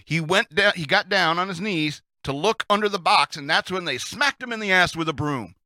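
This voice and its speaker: A man's voice: high-pitched, normal speed, bright, forceful tone, no room sound, studio quality. A man hosting a casual storytelling session of Navy tales, who chuckles often and adds chatty asides. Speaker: host reading Navy stories.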